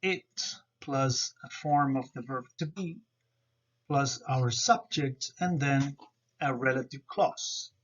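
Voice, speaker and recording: Slow, careful man explaining grammar. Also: mid-range voice. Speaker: student presenter. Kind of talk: explaining grammar over slides. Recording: dull lo-fi recording.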